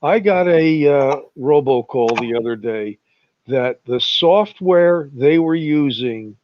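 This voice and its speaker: A man talks at an unhurried crawl, chuckling now and then as he spins his stories. His voice sits a touch high. The sound is muffled and dry, like a lo-fi voice chat. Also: darkish tone, dry recording. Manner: slow, drawling storyteller, chuckles often. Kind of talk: casual chat.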